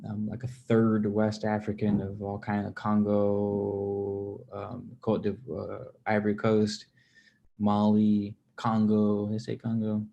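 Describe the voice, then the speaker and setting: Gravelly low-voiced man chatting. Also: takes it slowly, highs cut off. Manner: rambling, relaxed, with many fillers and restarts. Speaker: livestreamer answering chat. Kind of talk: casual livestream chat.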